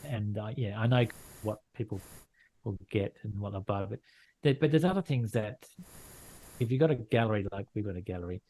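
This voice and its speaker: Blunt, low-voiced Australian man. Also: brisk, dark tone. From Western Australia. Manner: blunt, frank, repeats and restarts phrases. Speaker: landscape photographer and gallery owner. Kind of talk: casual interview conversation.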